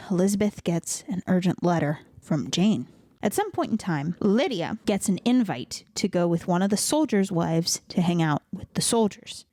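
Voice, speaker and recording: A young woman tells a story casually and playfully, with lots of "like" and quick little character voices. Her pitch sits in the middle and the sound is dry and close. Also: darkish tone, dry recording. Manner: breezy, playful, lots of "like", mimics characters in passing. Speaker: podcast host. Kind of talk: casual comic book retelling.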